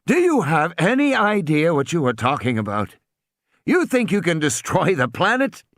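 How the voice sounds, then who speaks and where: A man's voice: fairly high pitch, very animated, normal speed, a bit bright, no room sound, studio quality, pitched above the performer's own voice. A man voicing a weary, scornful mathematician who lectures with contempt.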